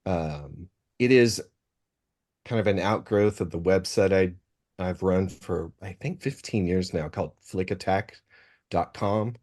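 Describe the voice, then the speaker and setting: Low-voiced guy on a podcast, movie critic guest, laid back and modest. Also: unhurried, darkish tone. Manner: modest, easygoing, fillers between phrases. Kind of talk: casual interview talk.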